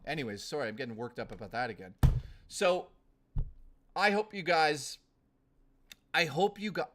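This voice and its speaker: A man's voice: a little high, big pitch swings, normal speed, a bit bright. A young man live-streaming in casual chat, ranting bluntly with lots of swearing and rambling restarts.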